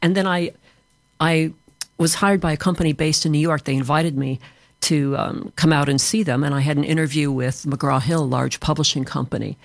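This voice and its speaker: A man's voice: a little high, steady tone, moderate pace, creaky, no room sound. A man from Chicago with an American accent, answering interview questions in a fluent, explanatory way as an author and trainer. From Chicago, USA.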